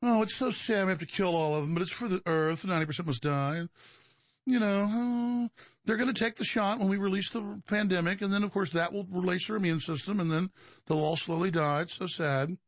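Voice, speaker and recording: A man's voice: sits high, fairly quick, no room sound, voice pushed up, lightly acted. A man with a Texan accent voicing a callous elitist planner with mock sorrow and an affected tone. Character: smug callous elitist planner, sighing fake pity.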